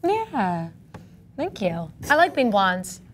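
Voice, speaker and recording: A woman with a New York accent co-hosting a casual talk show, chatty and quick to laugh. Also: medium pitch, very animated, slight background noise. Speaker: co-host. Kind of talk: casual chat.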